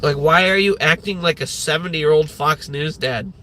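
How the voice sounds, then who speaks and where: A man's voice: fairly high pitch, moderate pace, pushed and bright, slight background noise. A man in his thirties hosting a livestream, ranting in a rambling way with lots of swearing and filler words. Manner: rambling, profane, many fillers. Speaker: livestream host.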